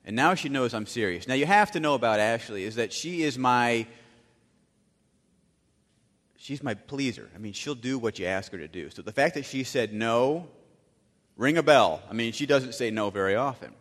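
A man preaching a sermon, telling a story dramatically and swinging from loud bursts to hushed asides. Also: medium pitch, expressive, fairly quick. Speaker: pastor. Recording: long hall reverb.

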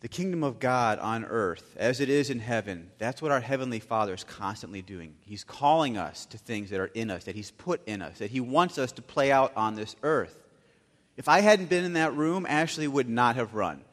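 A man preaching a sermon, telling a story dramatically and swinging from loud bursts to hushed asides. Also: medium pitch, lively intonation, normal speed. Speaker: pastor. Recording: long hall reverb.

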